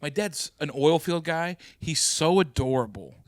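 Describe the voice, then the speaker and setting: A man hosting a podcast, telling stories in casual chat and acting out quotes loudly. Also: on the high side, unhurried, dry recording. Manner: animated storyteller, loud acted-out quotes. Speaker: podcast host.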